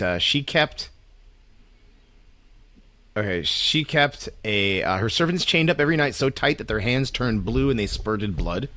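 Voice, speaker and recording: A man's voice: fairly low pitch, a bit bright, slight background noise. A man co-hosting a casual podcast, reading out grim details in a loose, offhand way with lots of fillers. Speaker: podcast co-host.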